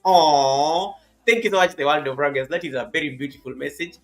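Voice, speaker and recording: Bright-voiced male livestream host. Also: on the high side, fairly quick, low-quality recording. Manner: warm greetings to viewers by name, repeats phrases. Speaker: host of a live stream interview. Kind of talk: live stream hosting.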